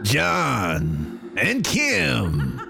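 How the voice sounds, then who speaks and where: A man doing a gravelly ghoulish horror announcer. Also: mid-range voice, huge pitch swings, full character voice. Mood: menacing glee. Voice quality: gravelly, drawn-out theatrical delivery. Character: ghoulish male horror announcer, gleefully menacing. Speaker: show announcer. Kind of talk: spooky horror intro announcing. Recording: music bed behind the voice.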